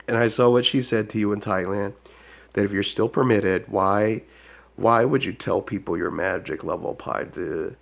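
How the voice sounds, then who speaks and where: Gravelly low-voiced man, taunting. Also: normal speed. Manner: repetitive, taunting, keeps adding "duh". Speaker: self-proclaimed shaman. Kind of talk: rambling monologue.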